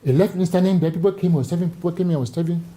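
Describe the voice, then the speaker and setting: Man, mellow storytelling guest. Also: high voice, racing, poor audio. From Cameroon. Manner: animated storyteller, repeats words when starting a thought. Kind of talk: talk show conversation.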